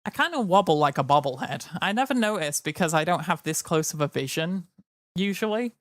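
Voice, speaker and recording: Rambling and jokey, a weary livestreamer chats with his audience and now and then breaks into silly voices. He speaks briskly in a slightly high, expressive, somewhat bright voice, recorded without echo.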